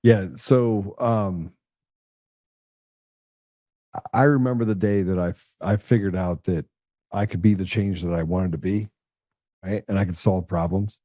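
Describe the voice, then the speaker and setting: Dark-voiced blunt male podcast host. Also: low voice, a little slow, pauses often, no echo, clean studio sound. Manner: blunt, profane, animated anecdotes. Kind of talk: casual conversational storytelling.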